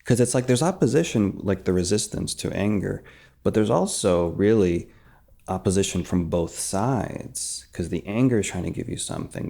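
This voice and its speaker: A man teaching emotional release in a calm, soft way, dropping into whispers as he acts out examples. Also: deep voice, normal speed, creaky. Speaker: meditation teacher. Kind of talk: calm spoken guidance.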